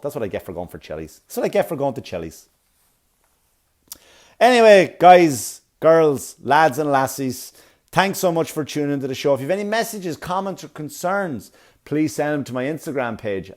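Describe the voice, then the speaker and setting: A man hosts a solo comedy podcast with a voice of ordinary middle pitch. He rants in exasperated bursts, swearing freely and slipping into mocking voices for the people he quotes. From Ireland. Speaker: podcast host.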